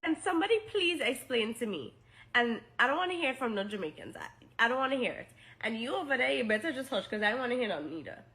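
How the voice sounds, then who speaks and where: A woman's voice: a little high, very animated, fast, fairly bright tone. Sassy Caribbean woman scolding her viewers. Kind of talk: casual vlog rant.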